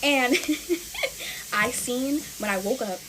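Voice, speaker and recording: A woman's voice: high-pitched, expressive, drawn-out words, noisy background. Chatty young woman telling a storytime. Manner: chatty, talks straight to viewers as y'all. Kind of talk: casual storytime chat.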